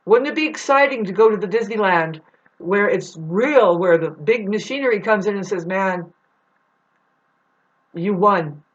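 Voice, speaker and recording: A woman's voice: medium pitch, lively intonation, normal speed, dull audio. A woman delivering a rambling, profane spiritual monologue to her viewers. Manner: intense, profane, digressive. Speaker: spiritual vlogger.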